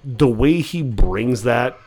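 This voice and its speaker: A man's voice: medium pitch, lively intonation, slow pace, darkish tone. Rambling, swearing man in casual chat. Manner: rambling, swears a lot, many fillers and restarts. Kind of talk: casual podcast chat about rap albums.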